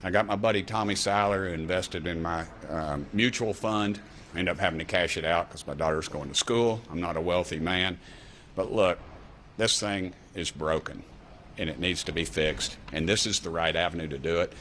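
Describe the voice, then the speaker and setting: East Tennessee lawmaker, deep and punchy, folksy exasperated rant, played clip with light hiss. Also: male voice, normal speed, fairly bright tone. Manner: folksy, exasperated, says dadgummit. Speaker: congressman giving a press speech. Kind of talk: fiery press conference rant.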